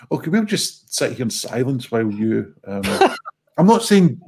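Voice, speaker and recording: Guy cohosting a stream, husky voice, rambling sweary jokes. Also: mid-range voice, very animated, slow pace, darkish tone. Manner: jokey, sweary, rambling banter. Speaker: livestream co-host. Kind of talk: casual stream chat.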